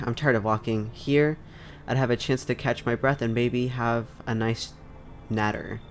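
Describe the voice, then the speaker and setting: A man's voice: medium pitch, close to an everyday voice. A man voicing a nosy, folksy old woman while reading game dialogue aloud. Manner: old-fashioned folksy phrasing.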